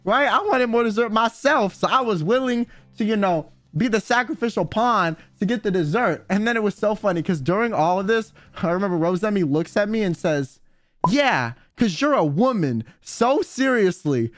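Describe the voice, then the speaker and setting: A man telling an animated, slang-filled story in casual chat, swearing freely and acting out what people said. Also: sits high, moderate pace, few pauses, dry recording. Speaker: streamer guest telling a story.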